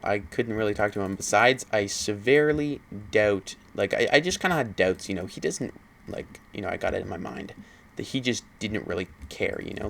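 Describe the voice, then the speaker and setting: A young man talking through a personal matter to his channel's viewers, halting and rambling with many fillers and sighs. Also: lowish voice, gravelly, slight background noise. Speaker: gaming channel host. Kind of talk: personal confessional talk.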